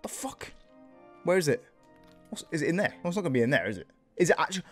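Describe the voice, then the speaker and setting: A young British man riffs over a game in an excitable let's play voice, swearing freely and calling everyone bro. His pitch sits a little high and swings around constantly. Faint music plays underneath. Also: fast. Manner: excitable, swears, calls viewers boys and bro. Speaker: gaming youtuber.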